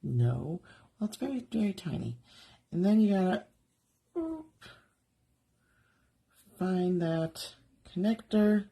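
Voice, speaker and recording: A woman with a low, husky voice leads a live craft demonstration from her home studio. She chats casually and thinks aloud while she works, and her tone stays mellow throughout. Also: big pitch swings, takes it slowly, pauses often. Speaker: jewelry artist demonstrating live.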